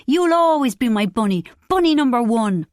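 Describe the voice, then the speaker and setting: A woman's voice: on the high side, expressive, normal speed, dry recording, studio quality, voice pushed up, lightly acted. A woman voicing a gushing, doting mother. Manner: gushing, affectionate. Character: warm, effusive middle-aged Irish mother.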